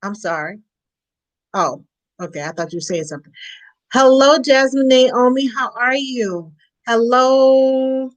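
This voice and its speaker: A woman's voice: high-pitched, poor audio. A woman hosting a casual live chat, reading viewer comments aloud and stumbling over names. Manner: reads names haltingly, apologetic.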